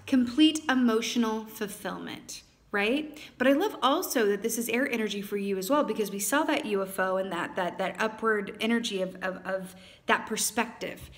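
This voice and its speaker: A woman giving a casual tarot reading to camera, animated and quick to exclaim, acting out quoted lines. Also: medium pitch. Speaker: tarot reader.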